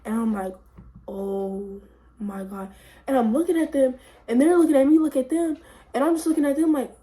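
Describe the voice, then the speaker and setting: A young woman vlogger telling a story in a casual, rambling, excitable way, full of filler words. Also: high voice, quick pace.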